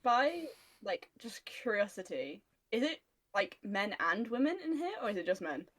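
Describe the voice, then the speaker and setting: A woman's voice: mid-range voice, very animated, moderate pace, fairly bright tone. A woman chatting as a player in a tabletop role-playing game. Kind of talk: casual tabletop play.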